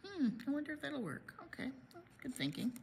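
A woman's voice: high-pitched, big pitch swings, a little fast, creaky, a little mellow, a little hiss or hum. A woman hosting a library storytime, reading a picture book aloud to children with playful sound effects.

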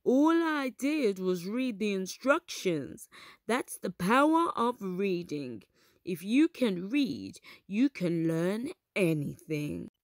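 A woman's voice: mid-range voice, very animated, slow, no echo. An eager, bookish young male explorer from a children's storybook, as a woman reads him aloud. He sounds matter-of-fact and keen, his lines rising and falling, in a dry close recording.

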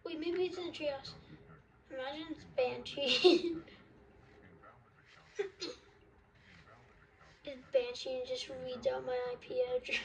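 Giggly high-voiced young gamer girl. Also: fairly even intonation, slow pace, gravelly, pauses often. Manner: giggly, scattered, reacting out loud to the game. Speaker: gaming video creator. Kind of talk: casual gaming commentary.

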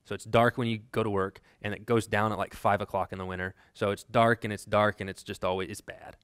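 A Texan man teaches a seminary class, sharing personal stories conversationally with frequent ums and restarts before building to emphatic lists. His lowish voice is flat, fairly quick, a bit bright, clear, and resonant, recorded dry at studio quality.

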